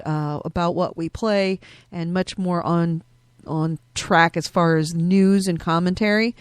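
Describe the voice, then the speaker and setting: A woman co-hosting a gaming podcast in a casual, joking way, loose and quick to swear. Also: on the low side, no room sound. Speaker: podcast co-host.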